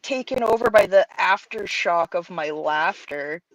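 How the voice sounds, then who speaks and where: A woman's voice: lowish voice, expressive, a little slow, dry recording, rough recording. Playful woman hosting on a video call. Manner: playful and teasing, laughs easily. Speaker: host. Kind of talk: casual chat on a video call.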